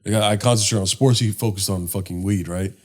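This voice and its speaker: Recorded at home, a young male podcast co-host tells a casual story packed with swearing, animatedly acting out the voices in it. He talks fast in a lowish voice.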